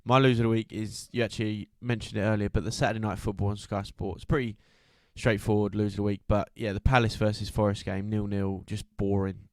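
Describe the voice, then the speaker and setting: A man co-hosting a football podcast, chatty and quick to laugh. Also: lowish voice, little pitch movement, no echo, clean studio sound. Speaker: podcast co-host. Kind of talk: casual football podcast chat.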